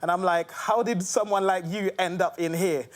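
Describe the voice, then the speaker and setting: Male stand-up, rambling anecdote, slightly high voice. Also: steady tone, normal speed. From United Kingdom. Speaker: stand-up comedian. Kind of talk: improvised stand-up story.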